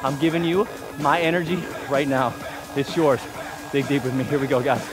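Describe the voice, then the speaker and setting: A man coaching a follow-along workout, energetic, pushing and cheering the viewers on. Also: mid-range voice, moderate pace, music in the background. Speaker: fitness instructor.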